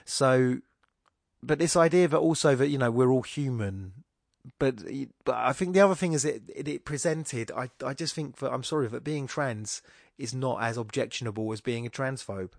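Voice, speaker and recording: A man's voice: medium pitch, moderate pace, creaky, no room sound, clean studio sound. A middle-aged man hosting a podcast, talking casually in a rambling, self-interrupting way with wry asides. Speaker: podcast host. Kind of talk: casual monologue.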